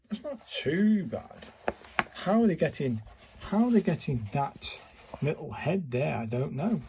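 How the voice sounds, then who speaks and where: A calligraphy learner who runs a channel mutters his way through his writing strokes as he practices, narrating casually step by step. His voice is medium-pitched and creaky, set against a noisy background.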